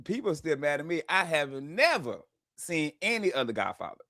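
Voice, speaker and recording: Brief: casual male co-host, bright lively voice, relaxed banter. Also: on the high side, moderate pace, no echo, studio quality. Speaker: radio show co-host. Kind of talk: comedic radio banter.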